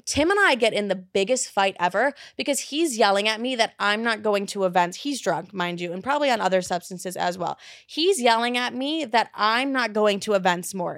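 A young woman hosts a podcast and tells story times in an excited, rambling rush, swearing freely and leaning on "like." Her voice sits at an ordinary pitch for a woman. The recording is close and dry, with no room sound. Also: no room sound. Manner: excited, rambling and profane, full of "like". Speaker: podcast host. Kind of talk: casual story time. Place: New York.

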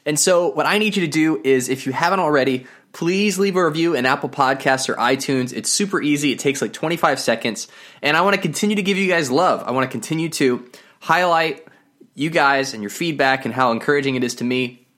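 A man's voice: on the high side, brisk, a bit bright. A man hosting a podcast as a Bible teacher, talking in an upbeat, chatty way and laughing easily. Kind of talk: casual podcast talk.

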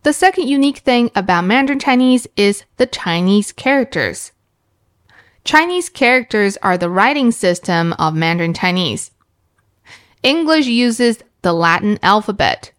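A woman teaching beginners Mandarin, explaining slowly and clearly and demonstrating each tone aloud. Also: medium pitch, lively intonation. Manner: slow and clear, demonstrating sounds with sung tones.

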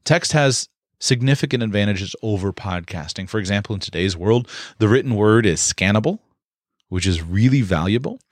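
Low-voiced man giving a measured lesson. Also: animated, dry recording, studio quality. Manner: measured, explanatory, with occasional fillers. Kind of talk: instructional talk.

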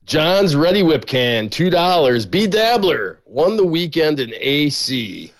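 A man co-hosting a live stream, reading viewer gifts and messages aloud in a relaxed way and laughing along. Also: a little high, takes it slowly. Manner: reads names and donations in a plain, laid-back way, laughs often. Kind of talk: casual live-stream banter.

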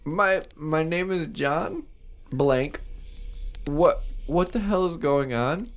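A man's voice: fairly high pitch, slow, voice pushed up. A man voicing a frightened man who woke up in a stranger's dead body, frantic and pleading. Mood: panicked. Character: panicked man waking in a stranger's corpse.

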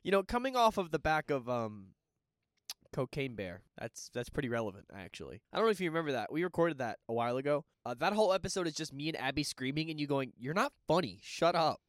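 A man co-hosting a podcast, talking fast and teasing his friend. His pitch jumps around a lot and sits a little high for a man. The sound is dry and close, with no room echo. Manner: lively, joking and teasing. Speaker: podcast co-host. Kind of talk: casual chat.

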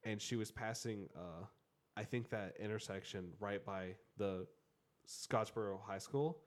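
Casual male storyteller, lower voice, rambling and filler-heavy, conversational. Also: measured pace.

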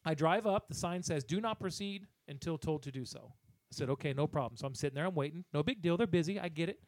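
A man on a podcast tells a rant in an animated, profane way, acting out the people in his story with a somewhat high voice. The recording is dry and close. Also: fast talker, no echo. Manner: animated, profane, acts out other people's lines. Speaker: podcast co-host.

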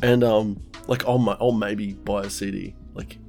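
A man's voice: lowish voice, normal speed, creaky, soft background music. Laughing man telling a story. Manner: animated storyteller, swears a lot, laughs often. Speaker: podcast co-host. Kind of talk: casual chat.

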